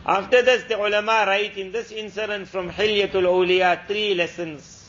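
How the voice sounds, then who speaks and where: A male Islamic lecturer with a high voice tells a moral tale and draws lessons from it. He speaks earnestly and repeats key phrases for emphasis. The sound is muffled and lo-fi, like an old lecture tape. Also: fairly even intonation, moderate pace, a bit bright. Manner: earnest, repetitive, preachy. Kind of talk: storytelling sermon. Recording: dull lo-fi lecture recording.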